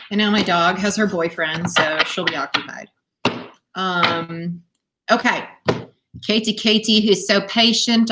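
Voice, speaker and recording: A young adult woman reads tarot cards live for her viewers from home. She talks in an animated, encouraging way and laughs often between her points. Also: fairly low pitch, background noise. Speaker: tarot reader. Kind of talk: live-stream tarot reading. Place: home, dog nearby.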